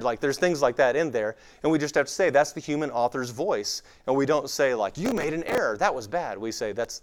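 A man from West Texas with a light West Texas accent, giving an informal lecture on the Bible to a live audience, talking conversationally with many fillers. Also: medium pitch. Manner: conversational, with frequent fillers and acted-out quoted voices. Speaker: speaker teaching on the Bible.

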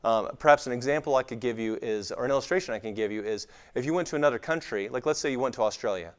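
Man, light West Texas accent, informal lecture, conversational, frequent fillers, mid pitch. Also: racing, smooth. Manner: conversational, with frequent fillers and acted-out quoted voices. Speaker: speaker teaching on the Bible. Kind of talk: informal lecture to a live audience.

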